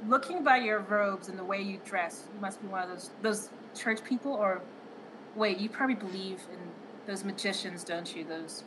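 A woman's voice: medium pitch, moderate pace, lightly acted. A woman voicing a grumpy, suspicious male junk boss who talks in curt threats. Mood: scornful. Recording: background noise.

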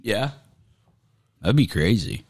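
A man's voice: lowish voice, very animated, slow pace, darkish tone. A man chatting casually about college football in an easygoing, agreeable way. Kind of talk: casual sports chat.

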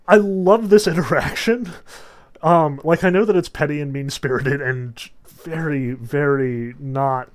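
A young man giving a casual, chatty lecture, animated in his retelling and heavy with fillers. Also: fairly high pitch, measured pace.

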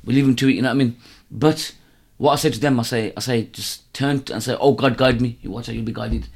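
A man's voice: medium pitch, fairly even intonation, fast talker, vocal fry. A man, a guest on a casual podcast, talking in street slang and breaking into laughter as he tells stories. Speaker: interview guest, hijama practitioner.

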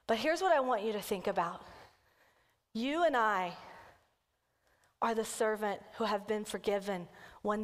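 A woman kids' pastor preaching a sermon as a lively storyteller who acts out the quotes. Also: medium pitch, in a large hall.

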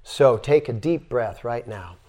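Here an older yoga teacher lectures on spirituality in an expressive, unhurried, mid-range voice with a dark tone. To teach breathing he sighs out his exhales, and he tells his stories with emphasis.

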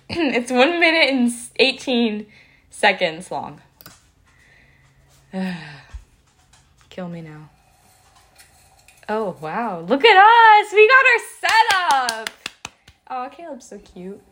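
Brief: hoarse woman host, fairly high voice, reads old writing and laughs at herself. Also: sing-song, slow, pauses often, a bit bright, slight background noise. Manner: giggly, self-mocking. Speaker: podcast host. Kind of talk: reading old stories aloud with asides.

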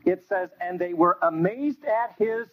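A man teaching a Bible class, telling stories in an animated way and acting out bits of dialogue. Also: high voice, measured pace. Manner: animated storytelling with quoted dialogue. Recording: dull lo-fi recording.

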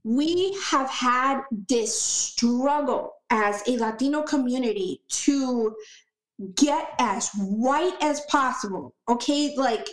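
High-voiced woman in an echoey room. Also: slow pace. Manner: emphatic, repeats words for stress. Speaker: podcast guest. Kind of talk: casual conversation.

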